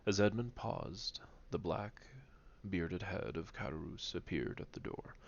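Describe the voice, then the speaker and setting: A man reading a novel aloud, pausing to comment and sometimes stumbling and rereading lines. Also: low voice, creaky, lo-fi sound. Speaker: reader.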